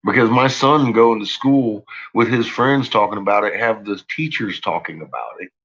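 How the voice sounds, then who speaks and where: Casting: male live streamer, husky bright voice, cursing rant, lo-fi stream sound. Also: lowish voice, lively intonation, normal speed. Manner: profane, agitated ranting.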